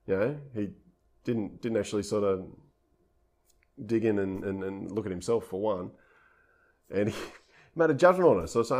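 A man's voice: on the low side, brisk, pauses often, darkish tone. A man preaching a conversational sermon, retelling scripture informally in everyday speech.

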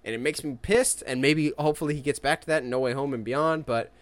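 A man in casual chat as a podcast co-host, enthusiastic and quick to act out excited quotes. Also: medium pitch, no room sound.

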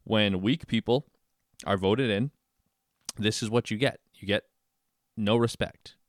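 A man hosting a political podcast, talking casually and halting, often repeating words. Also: on the low side, no echo, clean studio sound. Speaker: podcast host.

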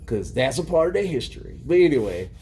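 A man's voice: medium pitch, big pitch swings, fast, mellow, slight background noise. A man co-hosting a podcast in casual chat, joking and swearing freely as he talks. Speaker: podcast co-host.

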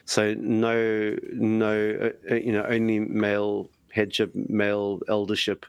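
A man's voice: on the low side, completely flat delivery, slow pace, gravelly, clean tone, no echo, dull audio. A man, a preacher, chatting casually and thinking aloud with frequent restarts and self-deprecation. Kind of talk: casual podcast chat.

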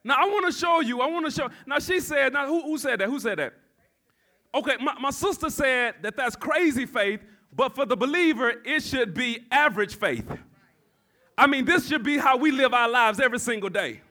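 High, bright-voiced preaching man. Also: moderate pace. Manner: preaching with call-and-response to the congregation, rising to shouts. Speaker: pastor. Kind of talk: sermon.

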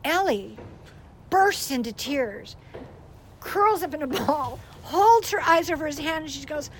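An older woman and grandmother giving a casual teaching talk about praying with children, telling stories in an animated way and laughing often. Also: sits high, a little slow, slight background noise, poor audio. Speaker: Christian speaker.

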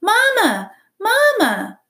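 A tiny, hungry baby gosling peeps loud and shrill, as a woman puts him on. The cries sit far above a speaking voice and bounce around. A storybook reading. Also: wildly swooping pitch, drawn-out words, echoey room, full character voice. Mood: squealing. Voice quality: high squeaky cries.

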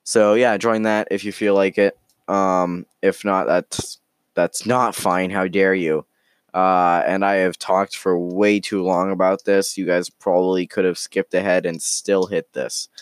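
A man hosting a podcast, chatting casually and telling an improvised story in a rambling, joking, halting way. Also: low-pitched, little pitch movement, clear, resonant tone, no echo, clean studio sound. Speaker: podcast host.

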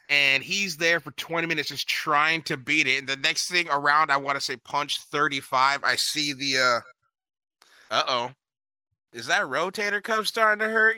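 Bright, profane man telling stories. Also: on the high side, clear, resonant tone, no room sound. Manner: profane, animated storyteller doing voices. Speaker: podcast co-host. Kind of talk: casual storytelling chat.

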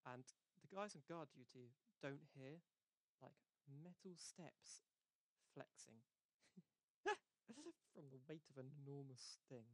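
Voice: mid-range voice, very animated, slow, fairly bright tone, no room sound, poor audio. A young adult, recapping a show in a rambling, sweary way with lots of fillers and laughter. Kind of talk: casual chat recapping a show.

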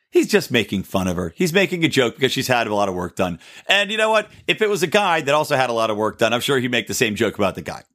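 A man hosting his own podcast, talking through his opinions in a sarcastic, animated solo monologue and laughing at his own jokes. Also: medium pitch, quick pace, hardly any pauses. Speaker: podcast host.

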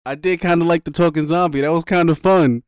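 A man co-hosting a podcast, chatting about a movie in a relaxed, slangy way and laughing often. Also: a little high, quick pace, no room sound, studio quality. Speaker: podcast co-host. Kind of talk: casual movie discussion.

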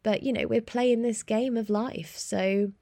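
Young woman podcasting solo, chatty, laughs a lot, bit of vocal fry, dry close sound. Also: a little high, measured pace, no room sound. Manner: chatty and animated, laughs often. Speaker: podcast host. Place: small room in hospital accommodation.

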